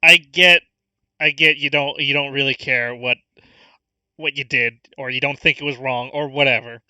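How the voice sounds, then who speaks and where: A man voicing a stern male townsman who sets firm terms, halting and repeating words. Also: medium pitch, fairly even intonation, pushed and bright, clear, resonant tone, no echo, recorded from a distance, lo-fi sound.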